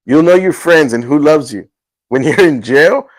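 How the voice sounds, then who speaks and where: Give me an earnest, halting male host. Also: fairly high pitch, animated, no echo, rough recording. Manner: earnest, halting storytelling with restarts; acts out quoted dialogue. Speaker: show host. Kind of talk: casual testimony chat.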